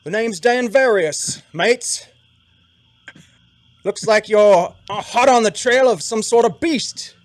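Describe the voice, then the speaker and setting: A man's voice: high-pitched, slow, pitched above the performer's own voice. Dan Varius, a man doing a chummy scruffy guide. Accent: put-on fantasy accent. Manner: chummy, loud and easygoing, calls everyone mate. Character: friendly scruffy human male wilderness guide. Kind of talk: tabletop game character voice.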